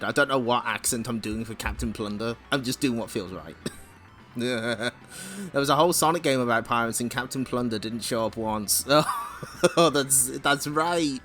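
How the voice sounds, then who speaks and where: A man's voice: medium pitch, moderate pace, fairly bright tone, soft background music. A man hosting a casual comic read-along stream, laughing often and making wry asides. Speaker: streamer reading comics aloud.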